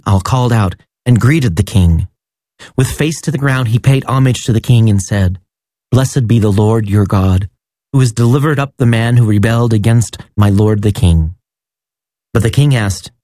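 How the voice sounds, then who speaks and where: A man giving a measured, solemn liturgical scripture reading. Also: medium pitch, dark tone, dry recording. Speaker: scripture reader.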